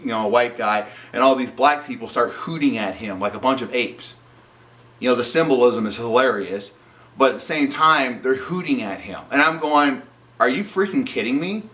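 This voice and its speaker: A man's voice: mid-range voice, fairly bright tone, distant mic. A man giving an opinionated spoken movie review, sarcastic and indignant, often saying "you know". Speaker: film reviewer.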